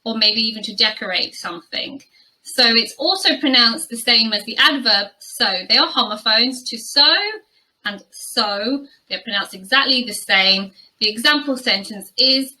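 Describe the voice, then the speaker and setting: A British woman leads a pronunciation lesson in a bright, fairly high voice. She works through each word with slow, careful repetition. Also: rough recording. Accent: British English. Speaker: English pronunciation teacher.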